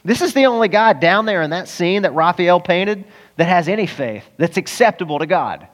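A man pastor preaching an animated sermon, acting out voices with sudden jumps in pitch. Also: moderate pace. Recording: long reverb of a church hall.

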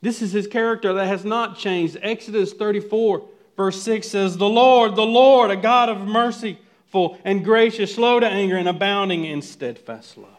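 A man with a fairly high voice preaching to his congregation. He drops to near-hushed lines, then climbs into loud, urgent questions. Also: normal speed. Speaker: pastor. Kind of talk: sermon.

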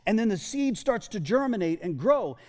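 A man's voice: high-pitched, very animated, normal speed, a little mellow. A male pastor giving a sermon in a church hall, talking conversationally and often repeating words as he goes.

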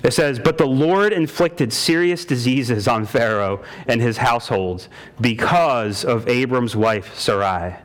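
A man's voice: mid-range voice, unhurried. A male pastor preaching a sermon, stressing points by repeating them and addressing listeners as "guys". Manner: emphatic preacher, repeats lines for stress, says "man" and "guys".

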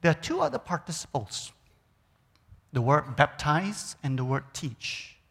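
A middle-aged man preaching a sermon as a guest speaker in a church, animated, swinging from loud emphasis to near-whispers. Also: on the high side, a little slow, vocal fry, husky. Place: church sanctuary. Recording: long reverb of a church hall.

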